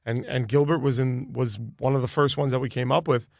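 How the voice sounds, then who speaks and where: A man's voice: mid-range voice, steady tone, fairly quick, gravelly, a little mellow, dry recording, clean studio sound. A man in his thirties, a guest comedian on a podcast, telling a story in chatty talk with laughing asides.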